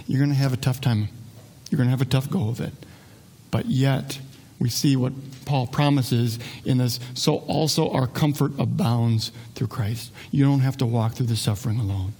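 A man's voice: medium pitch, fairly even intonation, brisk, dark tone, breathy edge. A man preaching a sermon as a pastor, conversational and joking, often restarting his sentences.

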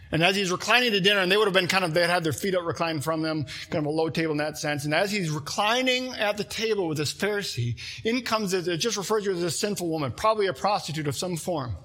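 A man's voice: high-pitched, pushed and bright, breathy edge. A man preaching a sermon, earnest and conversational, working through an example with a volunteer. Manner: earnest and conversational, using a volunteer as a live illustration. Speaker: pastor.

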